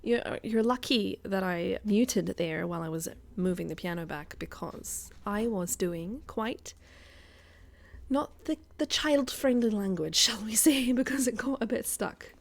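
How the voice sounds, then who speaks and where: Gravelly woman streamer in a put-on Scottish accent. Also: mid-range voice, lively intonation, measured pace. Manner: chatty, self-mocking, thinking aloud. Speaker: guest streamer. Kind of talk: casual gameplay commentary. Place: home.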